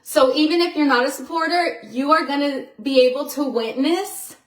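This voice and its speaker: A woman talking casually to her viewers in a vlog, chatty and excitable, full of "you know" and "like". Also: high voice, normal speed, reverberant, poor audio. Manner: excitable storyteller who acts out quotes. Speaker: vlogger.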